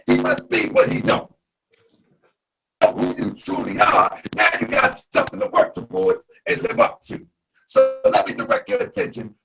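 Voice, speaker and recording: A man teaching a lesson in an emphatic, drawn-out preaching style, shouting now and then, his voice warped by a robotic auto-tune-like distortion on an online call. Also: on the low side, creaky, a little hiss or hum.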